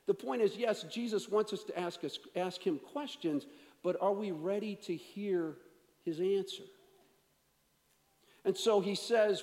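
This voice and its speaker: Reverberant preaching man, slightly high voice. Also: darkish tone. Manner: conversational preaching with asides. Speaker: pastor. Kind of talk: sermon. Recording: long reverb of a church hall.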